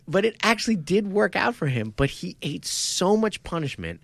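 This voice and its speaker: A man on a podcast, chatting casually about martial arts fights, animated and quick to laugh as he acts out his own reactions. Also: high-pitched, gravelly, no room sound. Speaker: podcast co-host. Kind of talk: casual sports chat.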